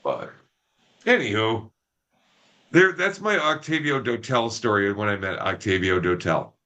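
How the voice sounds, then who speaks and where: Profane, animated man telling stories. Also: lowish voice, unhurried. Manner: profane, animated storyteller, acts out quotes. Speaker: podcast co-host. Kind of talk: casual chat, storytelling.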